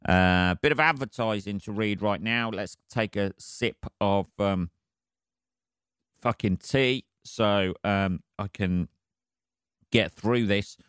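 A man's voice: on the low side, slow pace, fairly bright tone, smooth, dry recording, clean studio sound. A man hosting a solo podcast, rambling casually with heavy swearing and laughing at his own jokes. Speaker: podcast host.

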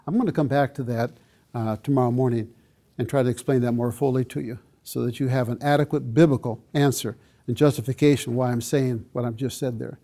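An older pastor gives an earnest, emphatic teaching talk to a church audience, often turning aside to address his listeners. His voice is medium-pitched, steady, brisk and dark in tone.

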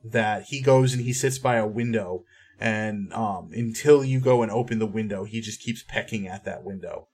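A man's voice: fairly low pitch, moderate pace, darkish tone, breathy edge. A man running a tabletop game as game master, describing scenes with frequent ums. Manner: descriptive, hesitant with many ums.

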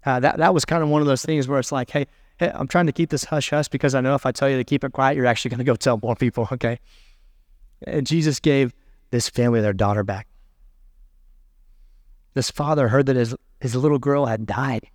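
A male pastor preaching a sermon in a conversational way, reading scripture aloud with pauses. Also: mid-range voice, steady tone, no echo, clean studio sound.

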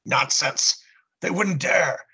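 Man doing a Nazi colonel, pompous, vain, put-on German accent, high ranting, husky edge. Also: slow pace, sharp tone, heavily acted. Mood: scornful. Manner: barking orders, later ranting wildly.

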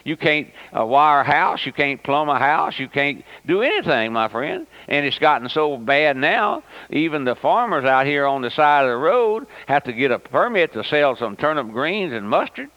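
A man's voice: a little high, big pitch swings, moderate pace, hardly any pauses, fairly bright tone. A man, preaching a fervent radio sermon and calling his listeners my friend. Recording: dull lo-fi old radio recording.

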